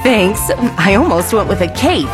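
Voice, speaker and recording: A woman's voice: mid-range voice, very animated, normal speed, natural voice. Woman voicing an eager, upbeat young female dog for a cartoon-style ad; music bed. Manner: bubbly, playful. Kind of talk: animated ad acting.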